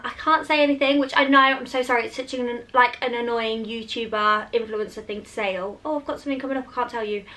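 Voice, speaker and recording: High bright chatty young woman. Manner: chatty, giggly, lots of fillers. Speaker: beauty vlogger. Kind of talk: casual hair tutorial and Q&A.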